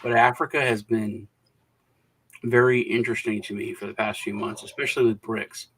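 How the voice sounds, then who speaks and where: A man hosting a casual podcast panel, rambling and retelling stories with animated quoted voices over a remote call mic. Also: on the low side, moderate pace, far from the mic, slight background noise, rough recording. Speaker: podcast host.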